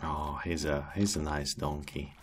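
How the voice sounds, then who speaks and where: A man's voice: rumbling low, flat delivery, a little slow, slight background noise. A man giving casual gameplay commentary as a channel host, chatty and amused as he coaxes animals along.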